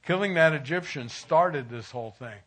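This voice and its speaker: A man's voice: on the high side, expressive, normal speed, a bit bright. A middle-aged man giving an informal, conversational sermon at a church, folksy and chuckling at times as he tells stories. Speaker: church speaker.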